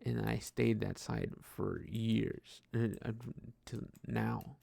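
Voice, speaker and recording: A man's voice: lowish voice, fairly even intonation, slow pace, vocal fry, dark tone, no echo. A young man rambling hesitantly about his life while gaming, full of fillers and restarts, swearing casually. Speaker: podcaster.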